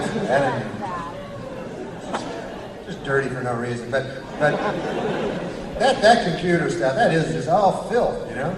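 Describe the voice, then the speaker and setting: A man's voice: fairly high pitch, lively intonation, unhurried, pauses often, very noisy. A man doing a stand-up set, rambling and profane and laughing at his own jokes. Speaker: stand-up comedian. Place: comedy club stage before a live audience. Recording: echoey live room from far off with loud crowd.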